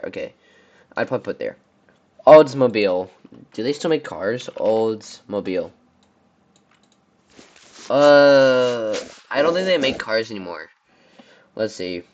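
Giving relaxed, meandering tier-list commentary on car brands, a young American car reviewer keeps stumbling over names. His fairly low voice is expressive, with a measured pace and long pauses. The audio quality is dull.

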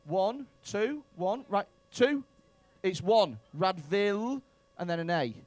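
A man's voice: high voice, animated, takes it slowly, darkish tone, dry recording. A male stand-up comedian in a comedy club, doing profane, bantering crowd work with mock outrage.

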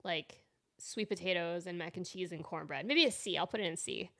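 A woman co-hosting a casual panel chat, a chatty storyteller who fires off animated questions. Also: on the low side, brisk, vocal fry. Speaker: co-host.

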